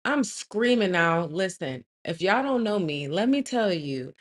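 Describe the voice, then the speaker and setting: A woman host telling a personal story in a loud, animated, emphatic way. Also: fairly low pitch, unhurried, background noise. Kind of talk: casual storytelling.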